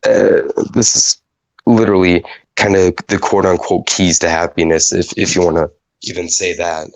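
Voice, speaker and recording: A man's voice: low-pitched, level tone, moderate pace, no room sound, poor audio. A man rambling on a podcast as a guest, full of fillers and restarts, with a stuffy nose. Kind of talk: casual podcast chat.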